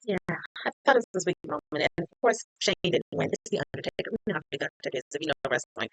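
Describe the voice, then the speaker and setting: A woman's voice: on the low side, big pitch swings, racing, gravelly, no echo, low-quality recording. A woman chatting casually as she recaps a TV episode, retelling scenes with lots of "like". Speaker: TV recap reviewer.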